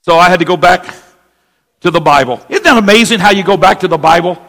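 High-voiced pastor preaching with hall reverb. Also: male voice, fast. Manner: animated, swings from hushed storytelling to shouted praise. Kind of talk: sermon storytelling. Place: church sanctuary. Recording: long reverb of a church hall.

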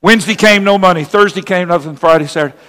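A male pastor with a high, bright and forceful voice tells a story in his sermon. He drops to hushed narration, then rises to shouted praise. Long reverb from a church hall hangs behind him. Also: quick pace. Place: church sanctuary.

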